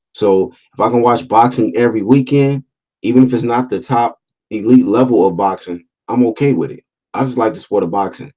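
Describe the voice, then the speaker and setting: A man with a lowish, mellow voice chats casually on a livestream. He talks loosely and repeats his points. He drops in slang and stops to read out viewer comments. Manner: talkative, repeats phrases, reads out chat comments; fillers and restarts, laid-back slang. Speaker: boxing livestream host.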